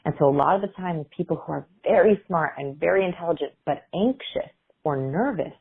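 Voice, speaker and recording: Heard through a phone-like connection, this woman is a guest researcher in an interview, walking through communication cues and modeling intonation herself. She speaks briskly and expressively, with a fairly low, husky voice.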